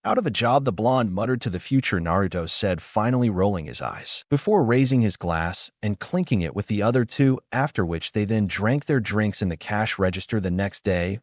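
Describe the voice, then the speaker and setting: A man reading a fan fiction story aloud in a steady, even storytelling manner. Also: lowish voice, no room sound, studio quality. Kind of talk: scripted story narration.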